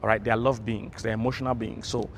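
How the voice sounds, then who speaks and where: A man's voice: on the low side, little pitch movement, fast talker, a little hiss or hum. A man presenting relationship advice to viewers, emphatic and repetitive, coaching them to practice. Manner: emphatic, repeats points, prompts viewers to practice. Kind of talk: advice talk to camera.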